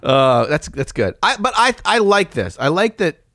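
A man's voice: sits high, sing-song, normal speed, a bit bright, no echo, studio quality. A young man co-hosting a podcast about miniature painting, chatting casually in a laid-back, jokey way and often restarting his sentences. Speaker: podcast co-host.

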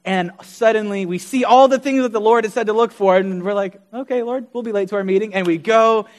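A young man preaching a sermon, earnestly telling personal stories with quoted dialogue. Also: high voice.

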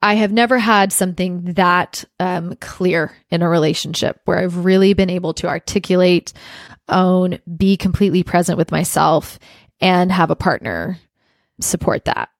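A woman's voice: fairly low pitch, normal speed, no room sound, clean studio sound. A young adult woman hosting a podcast, telling a personal story in a candid, heartfelt way with lots of "like" fillers. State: emotional. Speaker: podcast host.

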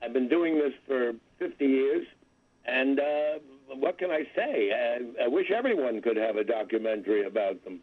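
A man's voice: mid-range voice, expressive, moderate pace. A man in his seventies, a comedian calling in as guest, talking in a wry, rambling way with self-deprecating asides. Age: 70s. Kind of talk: phone-in interview chat. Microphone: telephone. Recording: tinny phone line.

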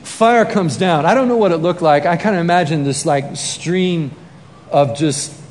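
A man preaching a sermon as lively storytelling, acting out scenes with shouts and sound effects. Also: a little high, moderate pace, slight background noise. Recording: long reverb of a large hall, faint ambience.

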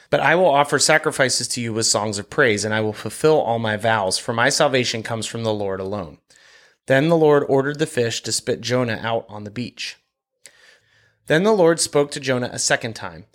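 A man reads scripture aloud in a steady, even reading voice. His pitch sits in an ordinary middle register. For quoted lines he lifts his voice a little, then settles back into calm reading. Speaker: Bible reader.

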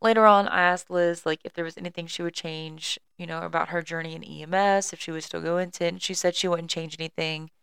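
A woman's voice: on the low side, fairly even intonation, fast, gravelly, few pauses, fairly bright tone, smooth, no echo. Chatty young woman host, clean dry sound, no room at all. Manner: chatty, apologetic, laughing through a story. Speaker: podcast host and EMS worker. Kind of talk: casual storytelling monologue. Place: at home on a couch.

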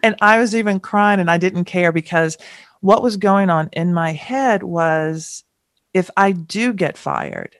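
A middle-aged woman from the American South, a guest in an interview, telling stories candidly and acting out quotes with sudden jumps in pitch. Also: measured pace, no echo, studio quality. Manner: animated, acts out quotes with pitch jumps and laughter. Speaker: guest, chef and TV personality.

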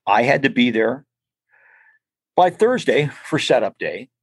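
Gravelly older man rambling through stories. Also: mid-range voice, very animated, unhurried, no room sound. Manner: rambling, many restarts and repeated words. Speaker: interview guest. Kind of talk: casual storytelling.

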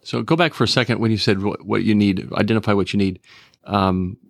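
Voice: deep voice, fairly even intonation, brisk, gravelly, no room sound, studio quality. A host asking thoughtful follow-up questions in a casual interview.

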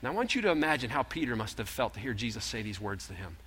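A man preaching a sermon as a pastor, telling a story earnestly, sometimes emphatic and sometimes hushed. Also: mid-range voice, very animated, fast talker, hardly any pauses, breathy edge. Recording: long hall reverb.

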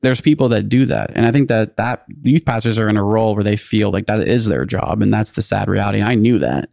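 A man's voice: on the low side, fast talker, creaky, a little mellow, no echo, clean studio sound. A man co-hosting a podcast, telling a story in casual, rambling chat, full of fillers and acted-out quotes. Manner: rambling, filler-heavy, acts out quoted voices. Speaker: podcast co-host.

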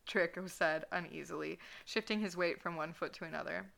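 A woman co-hosting a podcast who reads fanfiction aloud and chats about it, laughing easily as she goes. Her voice is lower-pitched, with plenty of gravelly fry and a bright, sharp edge. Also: normal speed. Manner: giggly, amused. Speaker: podcast co-host. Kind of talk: reading fanfiction aloud, casual chat.

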